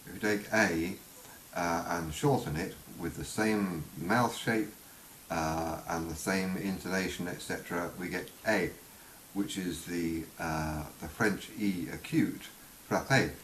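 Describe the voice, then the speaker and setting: A man giving an unscripted spoken lesson on vowel sounds, halting with many fillers and voicing each sound slowly. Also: deep voice, fairly bright tone. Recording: roomy with faint hiss.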